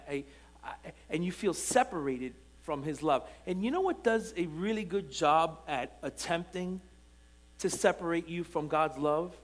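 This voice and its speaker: In a church sanctuary, a male pastor with a high, bright, forceful voice preaches a sermon. He alternates between chatty storytelling full of restarts and emphatic, repeated lines.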